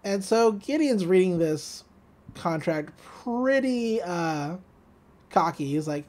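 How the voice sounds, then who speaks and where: Giggly woman retelling a cartoon episode. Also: on the low side. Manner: giggly, animated retelling with quick voices for quotes. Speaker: podcast co-host. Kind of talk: casual episode recap.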